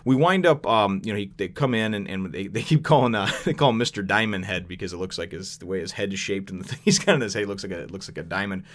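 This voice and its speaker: Man, young adult, lowish voice; loose rambling recap, chuckles often. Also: animated, fast talker, hardly any pauses. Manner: rambling, chuckling, many fillers. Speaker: manga chapter reviewer. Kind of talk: casual recap with commentary.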